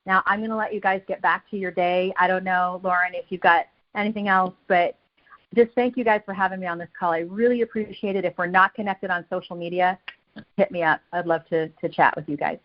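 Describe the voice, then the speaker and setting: A woman's voice: fairly low pitch, a little fast. Woman, motivational speaker, repetitive punchy delivery, dull video-call audio. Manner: energetic, repeats phrases for emphasis. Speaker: guest speaker on a team call. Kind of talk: motivational talk.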